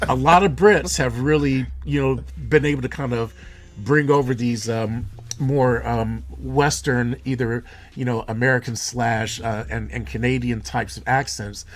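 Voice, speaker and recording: A man's voice: mid-range voice, fairly even intonation, unhurried. A man co-hosting a casual live stream about movies, rambling and restarting his sentences. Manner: rambling, restarts often, laughs at himself. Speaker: co-host.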